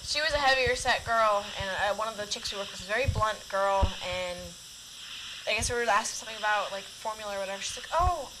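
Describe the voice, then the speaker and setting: A woman's voice: medium pitch, quick pace. A woman telling a story in casual radio talk, hesitant and restarting often. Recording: clear background noise.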